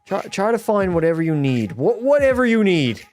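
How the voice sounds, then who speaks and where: A young man with a fairly high voice streams a hockey video game and talks straight to his chat. He swears freely, gets fired up over every play, and sounds a little tipsy. Faint game music plays underneath. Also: moderate pace. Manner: profane, excitable, talks to chat. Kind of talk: live gameplay commentary.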